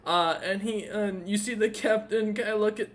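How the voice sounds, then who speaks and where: Rambling dungeon master, man, higher voice. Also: steady tone. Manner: halting, full of fillers, easily amused. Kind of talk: narrating a tabletop game.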